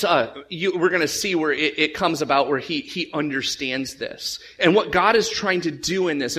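A pastor with a high voice preaches a sermon in an animated way. He often stumbles over repeated words at the start of his sentences.

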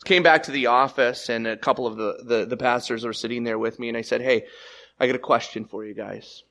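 A man preaches a sermon from the pulpit, pushing key lines up loud and high, then dropping to hushed, slower phrases. He stammers and restarts often in an unscripted way. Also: fairly even intonation. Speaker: pastor.

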